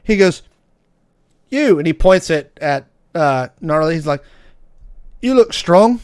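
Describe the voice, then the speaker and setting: A mousy young rigger in a tabletop game speaks with a British accent, as the man running the game puts him on. His requests come brief and matter-of-fact, a touch higher than usual. The sound is dry and close. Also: animated, slow, smooth, no room sound. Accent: British, put on.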